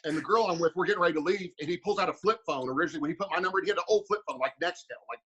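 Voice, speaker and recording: A man's voice: fairly high pitch, racing, pushed and bright, breathy edge, highs cut off. A former heavyweight fighter, a man, rambling through a story with lots of fillers on a casual podcast.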